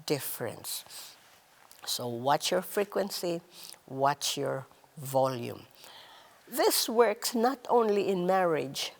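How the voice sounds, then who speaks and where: A woman gives a slow, deliberate talk on relationships, her voice sitting fairly low. Her pitch swings widely as she stresses words, then sinks to a soft hush on key phrases. A long reverb trails behind her. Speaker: host.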